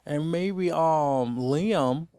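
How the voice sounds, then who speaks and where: A man hosting a casual TV recap, ranting in an exasperated, rambling way. His voice sits a little high and comes across smooth and clear. The room is dry and close, with no echo. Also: very slow, dark tone. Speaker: TV recap host.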